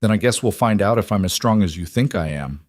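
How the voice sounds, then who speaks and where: A man's voice: on the low side, lively intonation, fairly quick, no room sound, clean studio sound, lightly acted. A man voicing a frightened but brave young woman in a storybook reading. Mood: scared, wry.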